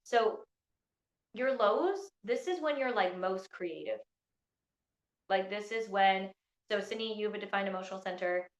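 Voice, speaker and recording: A woman leading an online training through her phone, talking in a bubbly, excitable way with lots of "like.". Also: mid-range voice, moderate pace, long pauses, roomy sound. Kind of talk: live online workshop talk. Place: indoors in Scotland during a storm.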